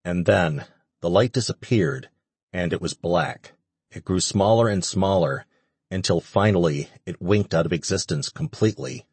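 A man reading a fantasy audiobook in steady scripted narration. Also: sits low, normal speed, breathy edge, no echo.

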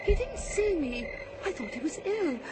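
A terrified young witness. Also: female voice, very high-pitched, sing-song, moderate pace, music in the background. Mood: shaken. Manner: frantic and breathless, then shaken. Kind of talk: radio drama acting.

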